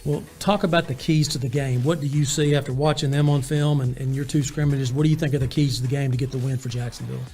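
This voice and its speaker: A man's voice: mid-range voice, fairly even intonation, fast talker, hardly any pauses, warm tone, a little hiss or hum. A man, a sports show interviewer asking a coach questions in a conversational way with fillers.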